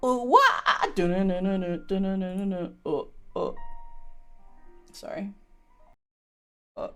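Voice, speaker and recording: A woman's voice: medium pitch, slow pace, a bit bright, clear, resonant tone, soft background music. A woman streamer in casual livestream chat who burps between lines, giggles a lot and swears casually.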